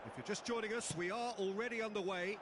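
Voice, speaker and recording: A man doing play-by-play football commentary, flowery and dramatic, erupting with excitement at big moments. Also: high-pitched, fast. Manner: flowery, dramatic, bursts into loud excitement at goals. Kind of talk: sports commentary from a video game. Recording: loud background noise.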